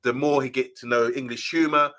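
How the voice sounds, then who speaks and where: A man's voice: mid-range voice, steady tone, fairly quick, pushed and bright. A man co-hosting a casual live fan show, chatting and reading out viewer comments. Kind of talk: casual live-stream chat.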